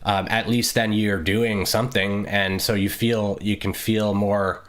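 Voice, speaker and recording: A man co-hosts a laid-back podcast, his lowish voice level, unhurried, and fairly bright. He talks reflectively and rambles, full of fillers and restarts.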